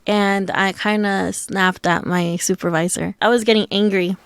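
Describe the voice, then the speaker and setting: Woman podcast cohost, frank and chatty, smooth clear voice, dry close sound. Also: medium pitch, steady tone, normal speed, no room sound. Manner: frank, chatty, tells anecdotes. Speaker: podcast co-host. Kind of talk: casual podcast chat.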